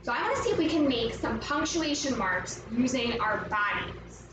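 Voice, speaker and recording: A woman with a slightly high, animated voice leads a children's movement lesson at a moderate pace, upbeat and encouraging as she explains each step. The mic is at a distance in an echoey room, with music playing and noise in the background.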